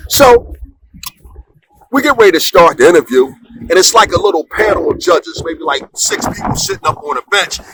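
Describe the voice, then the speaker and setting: A man spins a comic story in loose, colloquial talk, his voice leaping widely in pitch. He sits a bit higher than most men. A clear layer of noise runs under the recording. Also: moderate pace, low-quality recording. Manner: animated, conversational, colloquial.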